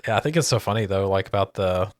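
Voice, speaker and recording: A woman's voice: extremely low pitch, animated, quick pace. Laid-back woman co-host. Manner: laid-back, short agreeing replies. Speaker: podcast co-host. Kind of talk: casual chat.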